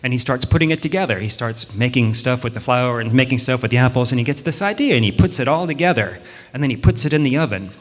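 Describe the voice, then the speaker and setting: A man at a middle pitch telling a story to children in a church sanctuary. He talks in a relaxed, lightly rambling way, and his voice carries a long hall reverb. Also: fast, few pauses.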